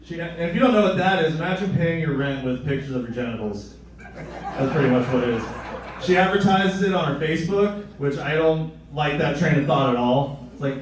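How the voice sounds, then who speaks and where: A young man doing a stand-up comedy set, crude and deadpan, with a sardonic edge. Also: a little high, a little fast, a little hiss or hum. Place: live comedy venue. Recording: echoey room, mic at a distance.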